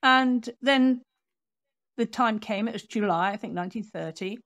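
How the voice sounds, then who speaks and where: A woman author, a guest on an interview podcast, telling a history story in a lively storyteller's way and acting out what people said. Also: fairly high pitch, moderate pace, no room sound. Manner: animated storyteller, acts out quotes.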